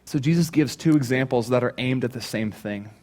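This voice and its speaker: A man in his thirties, a pastor giving a sermon, telling a funny personal story and acting out his own shouts. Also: mid-range voice, brisk. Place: church stage.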